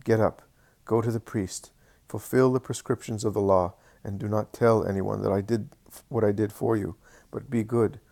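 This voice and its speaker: A man voicing a gentle but authoritative male spiritual master who speaks calmly and solemnly. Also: fairly low pitch, vocal fry. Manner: calm, measured, solemn.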